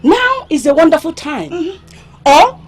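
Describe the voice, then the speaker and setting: A sharp-tongued young village maiden with a Nigerian accent, her high voice swinging wide as she scolds and mocks a rival. A Nollywood film performance, loud and cutting, with faint hiss under the dialogue. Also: lively intonation, a little slow. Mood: angry scolding. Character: sharp-tongued young village woman, fiercely loyal friend. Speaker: village maiden in a royal drama.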